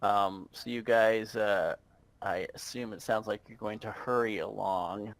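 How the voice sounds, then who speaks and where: A man narrating as game master over an online voice call, halting and full of fillers. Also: fairly low pitch, steady tone, rough recording.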